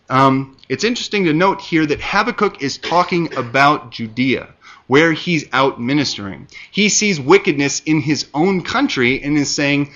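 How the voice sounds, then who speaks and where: A man's voice: fairly high pitch, animated, measured pace, bright, forceful tone, lo-fi sound. A man preaching a sermon, explaining scripture and reading verses aloud with earnest emphasis.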